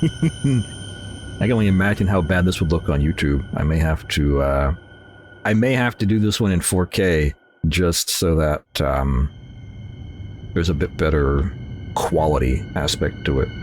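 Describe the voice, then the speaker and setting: Speaking in a very deep, darkish voice, this let's play host is animated yet unhurried, pausing often as he plays a horror game. A sneeze has left him slightly nasal, and over slight background noise he rambles, jokes about himself, and talks to the game.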